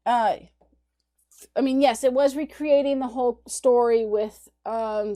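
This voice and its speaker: A woman's voice: medium pitch, mellow. A woman art history instructor giving a conversational recorded lecture, talking through images on her slides. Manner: conversational, explaining images on screen.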